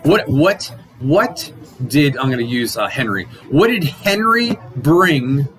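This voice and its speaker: A man teaching a casual Sunday school Bible lesson, animated, acting out quotes and often restarting his sentences. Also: medium pitch, slow, a little hiss or hum, low-quality recording.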